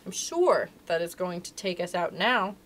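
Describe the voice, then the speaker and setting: A woman reading aloud and voicing an eager, determined young princess girl with a bright voice. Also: lowish voice, sing-song, a little slow, a little hiss or hum. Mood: excited.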